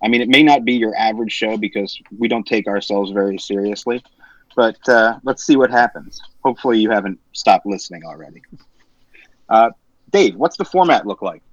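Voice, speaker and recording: A man with a New Jersey accent hosting a casual podcast, teasing his co-hosts with quick, joking banter. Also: on the low side, dry recording. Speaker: podcast host. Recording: slightly dull lo-fi sound.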